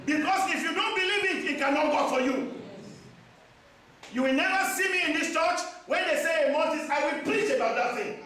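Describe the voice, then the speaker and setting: A man's voice: very high-pitched, normal speed, bright, forceful tone. A male pastor preaching a sermon with emphatic, repeated phrases in a church hall. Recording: echoey church hall from far off.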